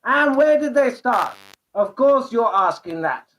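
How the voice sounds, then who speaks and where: A man putting on a squeaky frantic newsreader. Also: lively intonation, muffled recording. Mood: excitable. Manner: frantic, rapid, exclamatory. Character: hyper, frantic male newsreader, overexcited and silly. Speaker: host. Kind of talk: comic mock news show.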